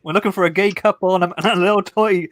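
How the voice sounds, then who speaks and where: A man's voice: high voice, fairly even intonation, a bit bright, dry recording. A man co-hosting a livestream, chatting casually and rambling from one joke to the next. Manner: rambling, playful, quick to joke. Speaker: livestream co-host. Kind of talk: casual group chat on a livestream.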